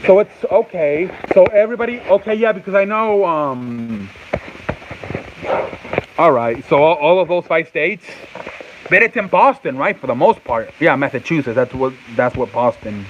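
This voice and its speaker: A man with a fairly high voice hosts a loose sports talk show, circling back over the same points and stumbling through restarts. The recording is muffled and lo-fi, with a faint sizzle behind him. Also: very animated, unhurried, noisy background. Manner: rambling, repeats himself, restarts often; answers off-mic chat and reads live comments. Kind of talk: casual sports chat.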